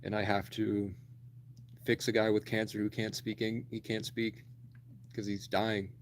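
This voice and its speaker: A young man in his twenties talks on and on in a low, flat voice. He swears freely and bluntly as he rambles through a story. A faint ambient hum sits underneath. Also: measured pace. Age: 20s. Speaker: livestreamer.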